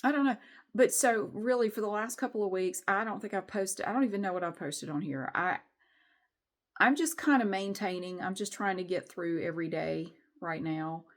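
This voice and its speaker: A woman's voice: mid-range voice, moderate pace. A middle-aged woman, venting candidly in a rambling, frustrated way with some swearing in a casual vlog. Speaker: vlogger.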